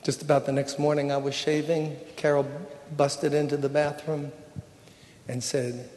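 An older man giving a sermon with a personal testimony, telling the story in an emotional, conversational way that drops to a hush at times. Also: a little high, level tone, normal speed, in a large hall, slight background noise. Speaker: preacher. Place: church sanctuary.

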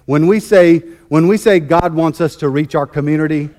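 A man's voice: fairly high pitch, normal speed, dark tone. A man preaching a sermon as pastor, fervent and emphatic, often repeating and restarting his phrases.

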